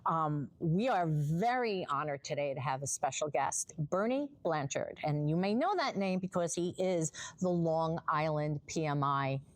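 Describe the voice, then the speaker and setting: A woman's voice: low voice, expressive, unhurried, few pauses. A woman co-hosting a podcast, chatting playfully and joking with her co-host. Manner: playful, joking, laughs easily. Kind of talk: casual podcast chat.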